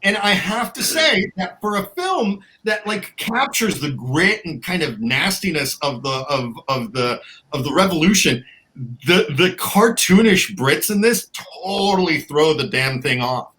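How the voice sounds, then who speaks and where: A man's voice: on the high side, big pitch swings, measured pace, pushed and bright, low-quality recording. A man co-hosting a podcast, chatting casually and wryly, with many restarts and fillers. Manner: wry, offhand humor. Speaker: podcast co-host. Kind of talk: casual chat.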